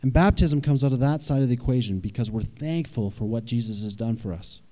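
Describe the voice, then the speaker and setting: A man's voice: mid-range voice, fairly quick, a little mellow, in a large hall. A man preaching a sermon in a conversational way, often checking in with his listeners. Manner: conversational, asks the audience questions.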